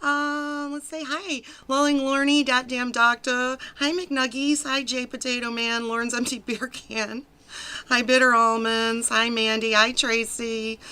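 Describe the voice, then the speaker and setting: A woman's voice: on the high side, little pitch movement, a little slow, sharp tone, clean tone. A woman hosting a casual live stream, giggling often and greeting viewers in the chat by name. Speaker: stream host.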